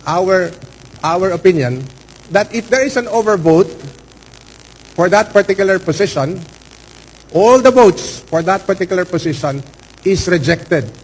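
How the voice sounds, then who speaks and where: Formal Filipino lawyer addressing a hearing. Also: male voice, high-pitched, expressive, breathy edge, poor audio. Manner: measured, formal, repeats for emphasis.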